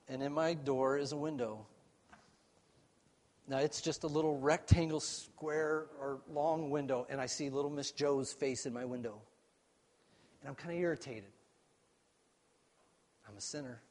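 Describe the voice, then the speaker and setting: A man preaching a sermon as a pastor, telling a story earnestly and swinging between raised and hushed passages. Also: on the high side.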